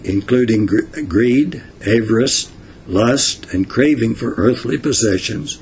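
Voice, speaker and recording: An older man teaching from the Bible in a relaxed, homespun way. He talks slowly, with plenty of fillers and asides between verses. His pitch sits in an ordinary middle range. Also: slight background noise. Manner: folksy and unhurried, with many fillers and asides.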